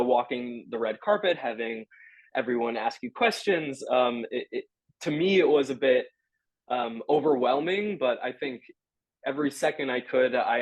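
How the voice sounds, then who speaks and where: A young adult man, a stage actor being interviewed, answering in a halting, earnest way as he searches for his words. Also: mid-range voice, no echo, dull audio.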